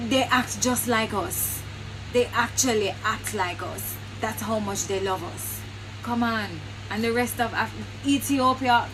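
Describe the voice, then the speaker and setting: A woman's voice: fairly high pitch, unhurried, background noise. A woman speaking her mind in an emphatic, frustrated monologue to camera. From Jamaica. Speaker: social media commentator.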